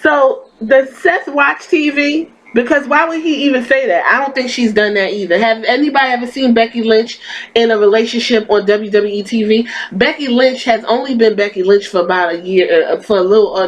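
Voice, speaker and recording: Woman podcast host, slightly high voice, blunt and profane, ranting commentary. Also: a little fast, rough recording.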